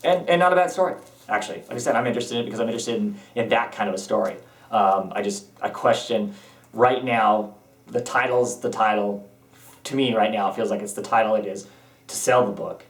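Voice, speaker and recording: A man with a lowish voice talks loosely, filling gaps with hesitations and circling back on his own sentences. He sits a little back from the microphone, so his voice carries some distance. The room around him rings with echo. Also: brisk. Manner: rambling, hesitant with many ums and restarts. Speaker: comic book reviewer. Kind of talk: casual spoken review.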